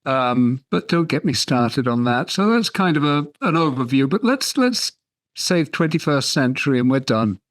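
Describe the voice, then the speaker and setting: A man guesting on a casual podcast as an editor and author, wry and unhurried, chuckling as he talks. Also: mid-range voice, sing-song. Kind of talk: casual chat.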